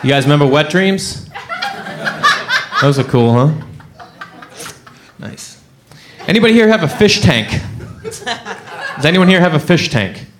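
High-voiced comedian guy on stage, voice jumping all over, doing everybody's voices. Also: unhurried, long pauses, background noise. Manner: animated, acts out voices. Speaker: stand-up comedian. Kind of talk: stand-up storytelling.

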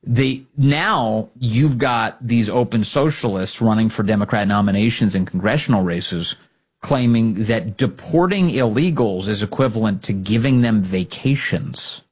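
A man hosting a political talk show, sarcastic and animated, often mocking others in put-on voices. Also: lowish voice, a little slow, husky. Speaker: talk radio host.

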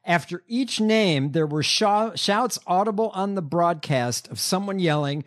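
A man's voice: sits high, expressive, a little slow. A man co-hosting a casual podcast, reading news items aloud with dry asides. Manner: wry, reads news aloud. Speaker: podcast co-host. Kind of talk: casual political chat.

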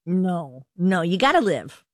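A woman's voice: on the low side, big pitch swings, measured pace, dry recording, studio quality. A woman co-hosting a radio show, chiming in with amused, teasing remarks. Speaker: radio co-host. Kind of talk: casual radio banter.

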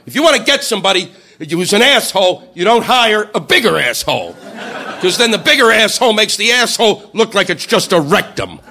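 Animated high-voiced stand-up comic. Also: male voice, fairly quick. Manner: animated, profane, big shouted impressions. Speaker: stand-up comedian. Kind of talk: stand-up routine.

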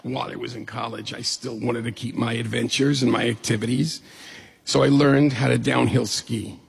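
A middle-aged man from New York State telling a lively, humorous personal story, acting out the voices he quotes. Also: mid-range voice, normal speed. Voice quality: gravelly and husky. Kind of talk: personal story told to an audience. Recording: long hall reverb.

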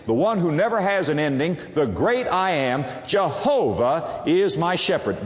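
A man preaching a sermon, leaning hard on single words and drawing them out for emphasis. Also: fairly high pitch. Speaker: pastor. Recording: echoey hall with long reverb.

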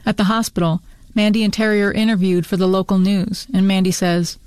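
A woman author reading her short fiction aloud, brisk and storytelling. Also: mid-range voice, level tone, a little mellow, smooth, no echo. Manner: brisk storytelling with run-on sentences.

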